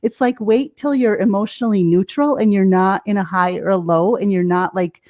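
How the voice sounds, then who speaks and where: A woman's voice: medium pitch, moderate pace, a little mellow. American woman chatting as an interview guest, laughs a lot, acts out her reactions. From United States. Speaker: guest life coach. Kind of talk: casual explanatory interview.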